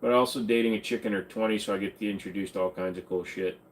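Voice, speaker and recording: A man's voice: on the low side, fairly even intonation, fast talker, rough recording. A man from Minnesota hosting a casual livestream, answering chat questions in an offhand, joking way. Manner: joking, offhand, drifts into silly accents.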